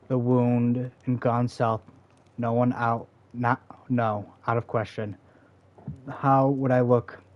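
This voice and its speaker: Over lo-fi sound, a man with a natural, mid-range voice reads game dialogue aloud. He voices a proud, bitter forest seer who is a mother, delivering her lines in a stern, defiant and dismissive way.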